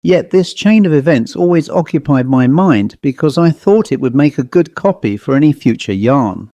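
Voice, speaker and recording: Mellow male audiobook narrator. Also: fairly high pitch, animated, dry recording. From England. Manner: measured, reflective. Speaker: author and narrator.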